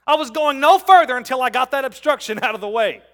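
A middle-aged man preaching a sermon, calling on the congregation and rising from soft talk to loud shouts. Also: very high-pitched, lively intonation, fast talker. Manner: calls on the congregation to respond. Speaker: pastor.

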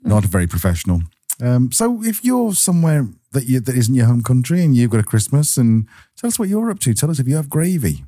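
A man's voice: medium pitch, sing-song, brisk, mellow, no room sound, clean studio sound. A man from England co-hosting a podcast, chatting casually and rambling through anecdotes. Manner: chatty, rambling, acts out family quotes. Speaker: podcast co-host. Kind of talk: casual chat.

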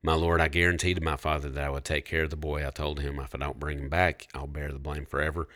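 A man's voice: extremely low pitch, level tone, quick pace, fairly bright tone, no echo, studio quality. A man reading the part of a biblical man who begs a powerful ruler for mercy, in an earnest, solemn way. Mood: pleading.

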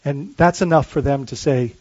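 A man's voice: medium pitch, normal speed, darkish tone, dry recording, highs cut off. A man preaching as a pastor, earnest, asking rhetorical questions and often restarting his sentences. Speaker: lead pastor. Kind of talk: sermon.

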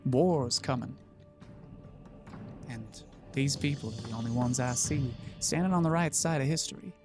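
Guy doing a calm grave recruiter dude, low-key menacing, soft music in the back. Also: lightly acted. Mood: solemn. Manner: calm, measured, quietly menacing. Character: grave male recruiter for a secret cause.

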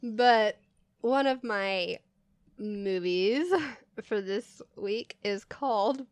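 A woman's voice: mid-range voice, very slow, smooth, dry recording, studio quality. A young woman co-hosting a casual comedy chat, telling stories and laughing often. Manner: giggly storyteller, laughs often through her stories. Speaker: podcast co-host.

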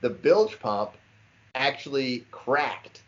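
A man's voice: medium pitch, takes it slowly. Een jonge Amerikaanse man vertelt geanimeerd en informeel een verhaal aan zijn vrienden in een podcast. De opname klinkt een beetje dof en lo-fi. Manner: animated storyteller, says "dude" often. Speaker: podcast co-host. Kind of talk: casual chat, storytelling. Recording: slightly dull lo-fi sound.

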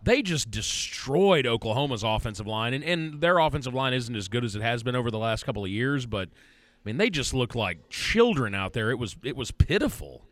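Man, sports radio co-host, lively pitch, dry studio sound, easygoing. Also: fairly quick, no room sound. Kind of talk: casual sports radio chat.

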